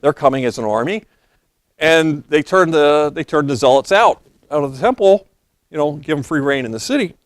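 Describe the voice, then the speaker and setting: A hoarse man preaching, his voice pitched a little high for a man. He tells history like a story and reads passages aloud. The sound is dry and close, with no room echo. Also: expressive, moderate pace. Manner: storytelling lecture, reading quotes aloud. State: losing his voice, coughing. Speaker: pastor. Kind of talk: sermon.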